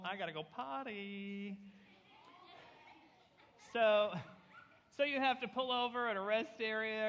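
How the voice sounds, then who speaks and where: A man, a camp pastor, telling a Bible story to children and leading them in call-and-response shouts. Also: on the high side. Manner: animated, leads kids in call-and-response shouts. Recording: long hall reverb.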